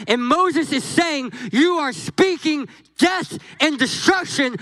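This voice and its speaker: Guest pastor, male, very high voice, slow deliberate delivery, jokey storyteller who voices the characters in his sermon. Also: no echo, low-quality recording. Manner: animated, jokey, acts out dialogue with God and Moses.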